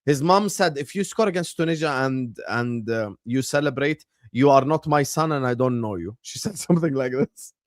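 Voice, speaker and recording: A man hosting a casual live watchalong, chatty and bursting into excited shouts. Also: mid-range voice, moderate pace, hardly any pauses, dry recording, studio quality. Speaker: livestream host.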